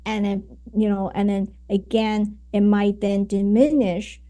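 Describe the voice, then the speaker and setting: A woman's voice: mid-range voice, flat delivery, measured pace, warm tone. A woman guest on a podcast, explaining her ideas at length, with many fillers and "right?"s. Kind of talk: conversational interview.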